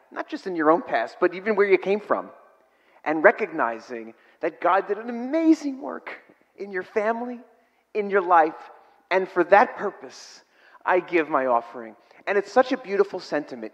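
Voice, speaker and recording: A man's voice: a little high, a bit bright, dull audio. A middle-aged man preaching a sermon, reading scripture aloud and then explaining it in a plain, conversational way. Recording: long hall reverb.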